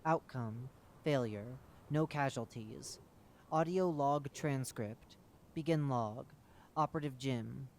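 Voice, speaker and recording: Measured male narrator reading a report. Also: mid-range voice, darkish tone. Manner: measured, matter-of-fact reading. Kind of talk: scripted narration of a horror wiki entry.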